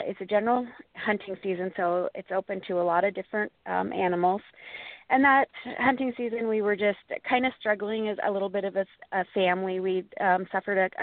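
A woman in her forties from Montana, telling her story earnestly as an interview guest, in a halting way with many restarts. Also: medium pitch, no room sound. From Montana, USA. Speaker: guest, Bigfoot researcher and author. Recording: tinny phone line, dry.

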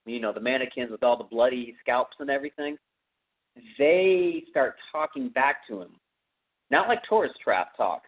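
A man's voice: mid-range voice, lively intonation, moderate pace. A man with a Texan accent hosting a podcast, casually retelling a horror movie's plot in a rambling way full of fillers. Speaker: podcast host. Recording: tinny phone-like audio.

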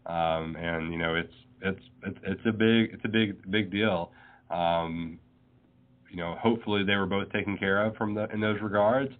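Deep-voiced accountant on a tinny phone line. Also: male voice, steady tone, moderate pace. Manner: plain-spoken, laughs easily. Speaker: accountant guest. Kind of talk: casual interview over a phone call.

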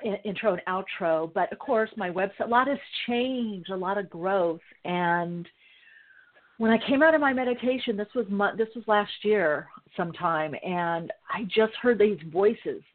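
A woman's voice: medium pitch, normal speed. A woman hosting a spiritual podcast, talking in an effusive, gushing way with plenty of fillers. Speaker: podcast host. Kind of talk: casual podcast talk. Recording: tinny phone-like line.

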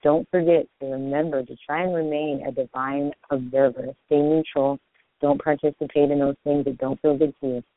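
A man hosting a spiritual radio show, talking fast and earnestly off the top of his head in a long monologue. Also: a little high, steady tone, dry recording. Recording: tinny phone-line sound, dry.

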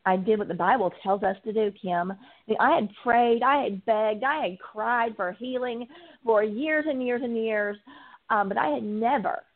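An addiction recovery coach appears as a guest in an interview, sharing an earnest, heartfelt personal testimony with frequent ums. Her voice is slightly high at a moderate pace, and the sound is tinny like a phone line.

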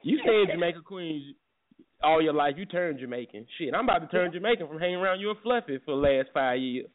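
A man's voice: on the high side, expressive, quick pace. A man hosting a casual morning show, joking and cursing freely. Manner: joking, crude and profane. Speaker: radio show host. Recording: tinny phone-like sound with faint music.

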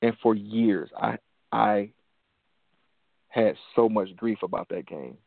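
A man's voice: fairly low pitch, takes it slowly, gravelly, no room sound. A man in his forties, from Detroit, hosting a motivational show and telling a personal story earnestly, repeating phrases for emphasis. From Detroit, USA. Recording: dry phone-line sound.

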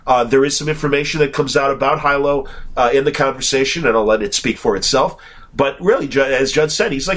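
Podcast host, male, Chicago accent, congested with a cold, casual and rambling, mid-pitched voice. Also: fairly quick, a bit bright. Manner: rambling, many filler "uh"s. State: has a cold.

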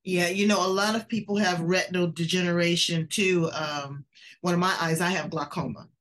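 A woman's voice: lowish voice, steady tone, normal speed, a bit bright, a little hiss or hum. Effusive woman talk-show host. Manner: effusive, conversational. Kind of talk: interview chat.

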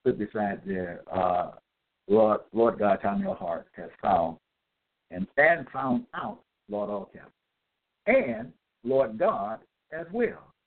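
A man delivering a scripture-citing monologue, reading out verse references and pausing to ask "okay?" as he goes. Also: lowish voice, expressive, vocal fry. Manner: deliberate, checks in with "okay?"; spells out capitals, hesitant fillers. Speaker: self-styled religious teacher. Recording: tinny phone-like audio.

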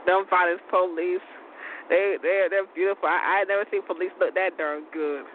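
A woman's voice: fairly low pitch, fairly even intonation, moderate pace, a little hiss or hum. Stammering woman on a tinny phone line. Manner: stammering, repeats words, chatty and frank; laughs often. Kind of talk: casual monologue on a call-in show.

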